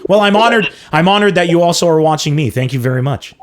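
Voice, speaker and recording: An excitable man hosting a livestreamed comedy podcast. His voice sits fairly high for a man. He chats loosely with callers and viewers, laughs often and reads comments out as he goes. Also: fast talker. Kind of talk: casual livestream chat with callers and chat.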